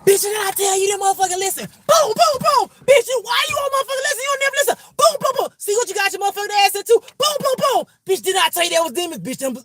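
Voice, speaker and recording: A man acting out himself as a furious fighter, shouting profanities while brawling with demons. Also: very high-pitched, lively intonation, quick pace, few pauses, a little hiss or hum, pitched above the performer's own voice, heavily acted.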